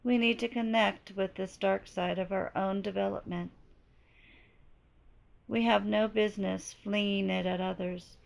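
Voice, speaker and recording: A woman giving a slow, deliberate spiritual teaching while she is losing her voice. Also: medium pitch, fairly even intonation, gravelly. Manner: slow, deliberate, measured delivery. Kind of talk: slow reflective spoken teaching.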